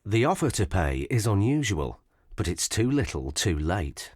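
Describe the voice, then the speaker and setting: A man narrating a documentary in a scripted, measured and expressive way. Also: sits low, slight background noise. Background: background music.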